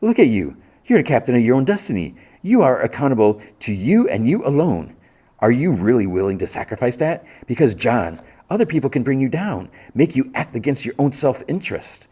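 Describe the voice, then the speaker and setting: A man's voice: mid-range voice, very animated, a little fast, warm tone, husky, pitched above the performer's own voice. A man voicing a mysterious, persuasive stranger who preaches freedom while retelling a show scene. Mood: coaxing. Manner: coaxing, persuasive.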